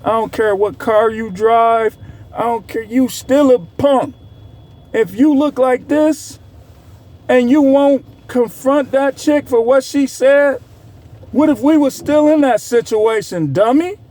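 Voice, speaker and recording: A man with a high, light voice ranting in heated commentary. He scolds and mocks, his tone sarcastic and cutting, dropping low when he imitates the people he criticizes. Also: slow pace, darkish tone. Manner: heated, scolding, sarcastic, swings pitch to mock. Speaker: commentary creator.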